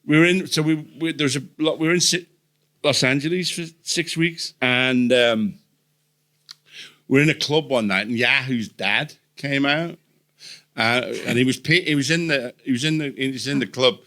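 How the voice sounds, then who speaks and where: A man's voice: mid-range voice, moderate pace, sharp tone. An older man hosting a live podcast on stage, telling rambling anecdotes full of restarts. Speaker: podcast host. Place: comedy venue stage with live audience.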